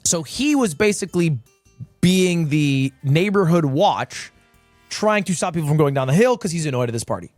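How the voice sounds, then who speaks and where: Animated young man telling a story. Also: normal speed, no echo, faint music behind. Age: 20s. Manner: animated, jumps from low mutters to high exclamations. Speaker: streamer. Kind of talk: casual storytelling.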